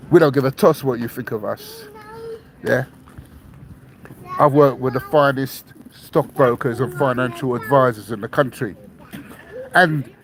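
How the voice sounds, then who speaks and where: The recording is low quality with a bit of hiss or hum, capturing a mid-range male voice. He's an English podcast host raised in London, rambling at listeners, repeating himself, swearing bluntly and defiantly, and finishing statements with "yeah?".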